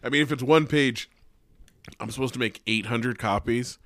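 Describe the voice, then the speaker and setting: A young man on a podcast, ranting about work with a steady stream of profanity and exasperation. His voice sits mid-range and is recorded close and dry, with no room sound. He swings from muttering to outraged bursts. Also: medium pitch, moderate pace, no echo. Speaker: teacher and podcast co-host. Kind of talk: casual podcast rant.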